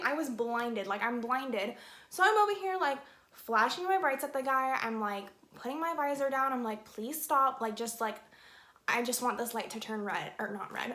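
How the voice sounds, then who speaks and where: Chatty young woman in an echoey room. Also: high voice. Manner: chatty, animated, lots of "like". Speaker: beauty vlogger. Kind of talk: casual storytelling while doing makeup.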